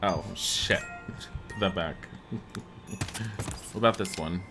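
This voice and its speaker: A man's voice: low-pitched, slow, over music. A man streaming a building game live, chatting and thinking aloud to viewers and laughing often. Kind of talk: live-streamed gameplay chat.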